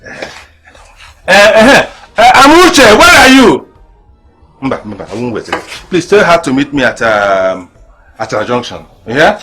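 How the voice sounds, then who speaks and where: An actor with a Nigerian accent playing a boastful, coaxing husband of two wives, shouting for one and wheedling the other. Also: male voice, medium pitch, normal speed, faint music behind, natural voice. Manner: animated, calls out loudly, then wheedles softly.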